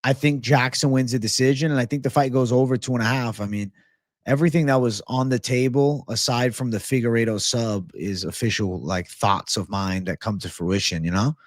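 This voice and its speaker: A man's voice: medium pitch, steady tone, fairly quick, no echo, clean studio sound. A man hosting a live sports betting show, chatting casually and swearing freely while he talks straight to his live chat. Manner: laid-back, slangy, swears freely.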